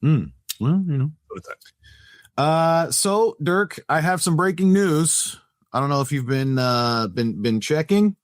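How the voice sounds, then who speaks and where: A man's voice: on the high side, lively intonation, slow pace, no room sound, clean studio sound. A man hosting a casual sports podcast, giving playful, mock-grand introductions. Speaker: podcast host.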